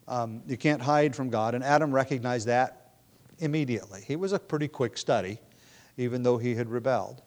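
A man's voice: mid-range voice, moderate pace. A man preaching a sermon in a conversational way, thinking aloud and acting out quoted lines.

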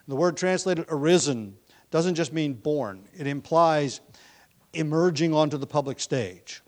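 Man, preacher, expository sermon, fairly high voice, emphatic scripture reading, conversational asides. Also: animated, moderate pace, a little mellow. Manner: emphatic, rises in pitch and volume when reading scripture; conversational asides with restarts and light laughs.

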